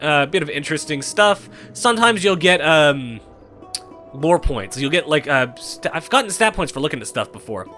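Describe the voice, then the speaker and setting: A young man giving irreverent let's-play commentary, animated and swearing freely. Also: fairly high pitch. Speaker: gameplay commentator.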